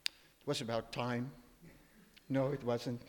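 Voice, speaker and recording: A man's voice: medium pitch, flat delivery, slow pace, big-room sound. An older man preaching a sermon in a church, emphatic and full of rhetorical questions as he quotes scripture. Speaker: pastor.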